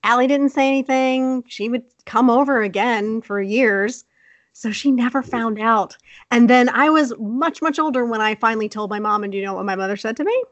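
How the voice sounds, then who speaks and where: A young woman casually telling a childhood story on a podcast, animated and laughing often. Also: on the high side, normal speed, dry recording, lo-fi sound. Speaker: podcast co-host.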